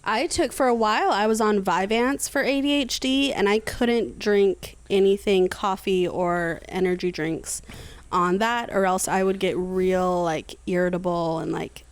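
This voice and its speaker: A woman from San Antonio co-hosting a podcast in casual chat, talkative and quick to laugh. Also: mid-range voice, fairly even intonation, smooth, no room sound. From San Antonio, Texas, USA. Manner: chatty, easy laughter. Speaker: podcast co-host.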